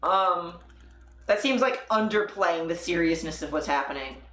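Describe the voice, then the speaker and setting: A woman's voice: fairly low pitch, expressive, moderate pace, a bit bright, roomy sound, slight background noise. Angry, sarcastic woman streamer. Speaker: political livestream host. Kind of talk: casual political commentary.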